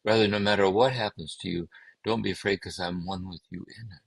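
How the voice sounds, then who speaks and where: A man speaking as a guest, giving a gentle, meditative talk on contemplative prayer and often circling back to repeat his phrases. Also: low voice, fairly even intonation, brisk, creaky, no room sound, poor audio. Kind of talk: reflective spiritual teaching.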